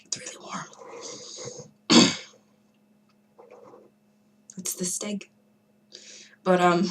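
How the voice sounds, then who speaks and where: A woman's voice: fairly low pitch, level tone, drawn-out words, long pauses, in a whisper, rough recording. A young woman chatting to camera from her room at home, rambling and hesitant, with many fillers and restarts. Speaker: vlogger giving forum shout-outs. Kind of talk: casual rambling monologue to camera.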